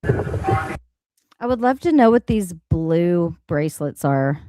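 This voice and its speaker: Animated, foul-mouthed woman livestreamer. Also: fairly low pitch, takes it slowly, noisy background. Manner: animated, blunt and profane. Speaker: livestream host. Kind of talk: reaction livestream commentary. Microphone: home streaming mic.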